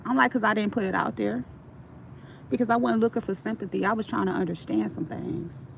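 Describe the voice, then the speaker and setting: Middle-aged woman, gravelly voice, livestream storytelling, frank and streetwise, swears freely. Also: medium pitch, brisk, a little hiss or hum, poor audio.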